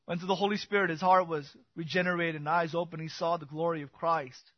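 A man preaching an expository sermon as pastor, swinging from loud emphatic bursts to quiet intimate asides. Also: on the high side, steady tone, brisk, no room sound, dull audio.

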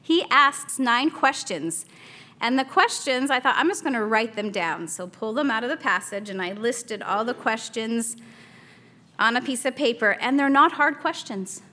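A woman's voice: on the high side, normal speed, sharp tone. A woman in her thirties teaching a Bible study in a chatty, casual way, laughing often and acting out a toddler's small voice.

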